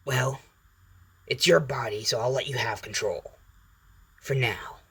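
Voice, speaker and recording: A sarcastic alien symbiote that drawls its words slowly and talks down to its host, as a man puts it on. The tone is dry and teasing, sitting at an ordinary middle pitch for a man. It is read aloud as part of a fan story. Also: fairly bright tone, breathy edge, full character voice. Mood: dismissive. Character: snarky alien symbiote, blunt and mocking.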